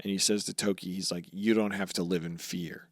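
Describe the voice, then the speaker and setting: A young man co-hosting a podcast, casually recapping anime episodes with lots of swearing and quick character voices. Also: low voice, steady tone, creaky, dry recording, studio quality. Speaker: podcast co-host.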